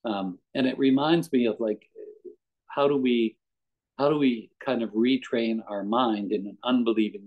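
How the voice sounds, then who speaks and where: A man's voice: mid-range voice, darkish tone, poor audio. A man giving a conversational devotional talk as a guest speaker, mixing anecdotes and readings and chuckling often.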